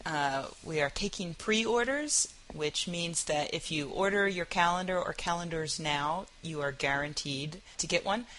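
A woman's voice: sits low, measured pace, few pauses, a bit bright, a little hiss or hum, poor audio. A woman co-hosting a podcast, chatting casually in a playful, teasing way and laughing often. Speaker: podcast co-host.

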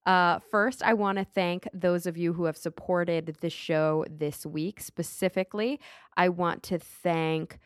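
A woman's voice: on the low side, steady tone, unhurried, smooth, no echo, clean studio sound. A woman hosting a podcast, talking in an upbeat, chatty way as she thanks supporters and introduces her guest. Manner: upbeat, chatty, reads sponsor thanks and promos. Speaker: podcast host. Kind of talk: casual podcast chat.

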